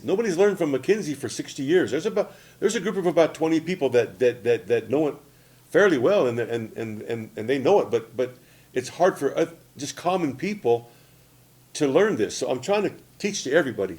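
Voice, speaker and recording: A man's voice: on the high side, sing-song, a little fast, a little mellow. A man in his sixties from Oklahoma, teaching a language lesson in a plain, repetitive way, often checking in with "okay?" and "see?". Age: 60s. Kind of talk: casual spoken lesson.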